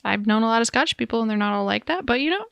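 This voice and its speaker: Woman co-host, casual and chatty, laughs at her own tangents, vocal fry, dry recording. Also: on the high side, lively intonation, very fast, fairly bright tone, dry recording, muffled recording. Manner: chatty, giggly, rambling asides. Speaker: podcast co-host. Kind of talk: casual chat.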